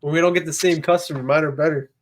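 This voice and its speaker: A man co-hosting a casual podcast, cutting in with quick, slangy jokes. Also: fairly high pitch, steady tone, a crowd in the background. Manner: quick, joking interjections, slangy. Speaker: podcast co-host, auto detailer.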